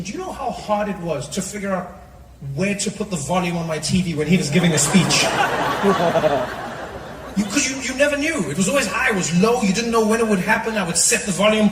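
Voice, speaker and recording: A man doing a stand-up comedy set, animated and slipping into mocking voice impressions. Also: high voice, fairly quick, background noise. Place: comedy stage before a live audience. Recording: roomy live recording with crowd laughter, from a distance.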